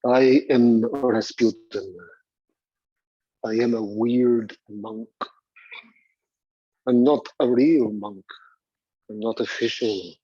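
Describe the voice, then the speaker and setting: A man voicing a brooding self-proclaimed male mystic monk, speaking slowly and portentously in a low tone. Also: mellow, dry recording, lo-fi sound. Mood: ominous.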